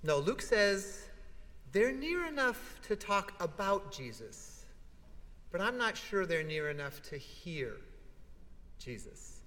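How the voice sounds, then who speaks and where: His voice high-pitched and his delivery slow, a man preaches in a large, echoey church sanctuary. He animates his sermon with stories and rhetorical questions.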